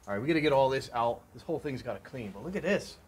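A man giving a casual running commentary as he works, excitable, exclaiming and thinking aloud into a camera mic held close. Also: mid-range voice, racing, husky. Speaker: vlogger restoring a vending machine. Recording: noisy background hiss.

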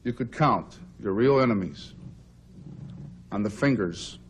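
Deadpan man giving a mock-sincere roast. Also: fairly low pitch, unhurried, slight background noise. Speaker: roast speaker.

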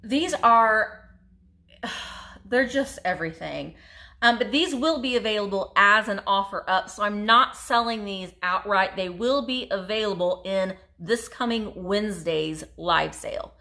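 A woman's voice: medium pitch, a little slow, pushed and bright. A woman reselling vintage, showing off her finds in a chatty, gushing haul video. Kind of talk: casual show-and-tell haul video.

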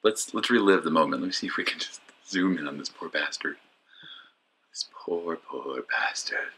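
A man's voice: rumbling low, fast talker, bright, forceful tone, slightly rough. A man giving casual voice-over commentary for his disc golf vlog, joking and mocking himself as he rambles with fillers.

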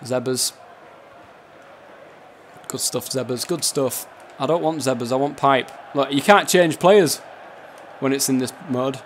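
A man's voice: medium pitch, unhurried, long pauses, a little hiss or hum. A gaming YouTuber giving casual, swearing, laughing commentary as he plays a football game. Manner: swears a lot, laughs, shouts at players.

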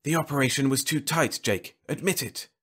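A man's voice: medium pitch, normal speed, a bit bright, breathy edge, voice pushed up. A man voicing an accusing telepathic voice in a raised, insistent tone. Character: accusing telepathic voice, relentless and commanding.

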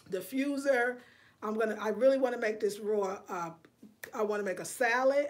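Chatty woman greeting her viewers. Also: mid-range voice. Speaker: home decor vlogger hosting a live chat. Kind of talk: casual livestream chat. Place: home living room.

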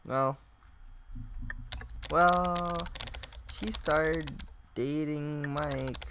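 Slow-talking young man narrating a game. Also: medium pitch. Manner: reads chat aloud, swears and laughs often. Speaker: gaming YouTuber. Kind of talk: casual let's-play commentary.

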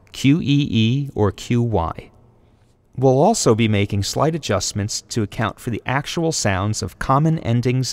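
A man reads a scripted explanatory narration at an unhurried, measured pace, pronouncing each example word slowly and carefully. His voice carries a long, lingering reverb. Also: on the low side. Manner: slow, deliberate word-by-word pronunciation. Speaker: video essay narrator.

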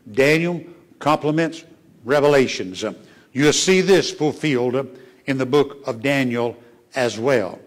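Pastor, male, somewhat high voice, delivers a church sermon with emphatic peaks and soft asides. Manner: preaching with emphatic rises and hushed asides, asking the congregation questions. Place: church sanctuary.

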